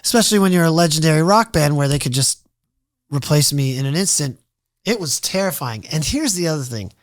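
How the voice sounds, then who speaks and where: A slightly high-voiced man spins his stories as a podcast guest, throwing himself into every quoted line. The sound is dry and close, with no room around it. His talk is loose and casual, salted with swearing. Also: brisk, no room sound. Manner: animated storyteller who acts out quoted dialogue. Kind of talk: casual storytelling interview.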